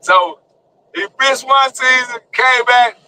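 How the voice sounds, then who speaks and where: Older male streamer, loud casual hype talk, cutting bright tone, profane and excitable. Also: very high voice, slow pace, low-quality recording. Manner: excitable, brash and profane, peppers talk with "man" and "you know what I'm saying". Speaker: streamer and show host. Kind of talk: casual hyped vlog talk.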